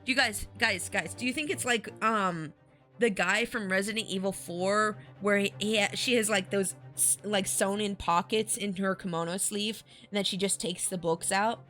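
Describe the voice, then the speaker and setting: A woman streamer chats playfully to her viewers in a casual, middle-pitched voice. Her talk jumps from thought to thought. Background music plays under her voice. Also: steady tone, moderate pace, sharp tone. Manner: playful and chatty. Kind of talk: casual live-stream commentary.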